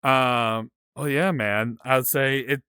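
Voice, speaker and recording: A man's voice: mid-range voice, steady tone, slow, bright, forceful tone, smooth, no echo, clean studio sound. A young man hosting a podcast in casual, laid-back chat, often stumbling over his words. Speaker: podcast host.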